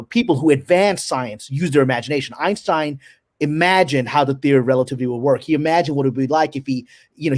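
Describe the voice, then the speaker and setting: A man with a fairly high voice talks quickly as a guest on a live stream. He is talkative and opinionated, running through ideas in a loose, casual way. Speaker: guest screenwriter.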